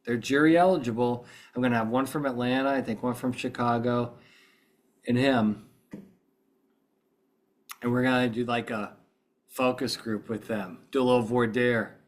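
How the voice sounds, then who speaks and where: A man's voice: mid-range voice, fairly even intonation, moderate pace, long pauses. A middle-aged American man hosting a podcast in casual chat, groggy from just waking up, rambling and chatty with many restarts. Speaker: podcast host.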